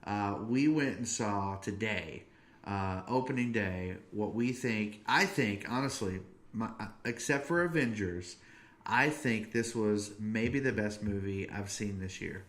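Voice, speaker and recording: Bright-voiced joking podcast host, a man. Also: on the low side. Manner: playful and joking, drawn-out storytelling. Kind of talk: casual chat.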